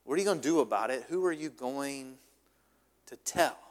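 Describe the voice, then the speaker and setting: A male pastor preaching a sermon, lively and repetitive, often checking in with "right?". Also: mid-range voice, normal speed, in a large hall.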